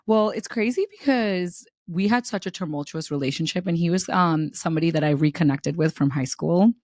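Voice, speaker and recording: A woman's voice: fairly low pitch, fairly quick, dry recording, clean studio sound. Candid young woman telling a dating story. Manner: animated, candid, laughs through the story, swears freely. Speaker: podcast co-host. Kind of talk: casual podcast chat, storytelling.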